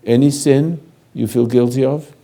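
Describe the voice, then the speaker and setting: An older man giving a slow, halting spiritual lecture, speaking directly to a listener in a commanding way. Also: mid-range voice, steady tone, warm tone. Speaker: spiritual teacher.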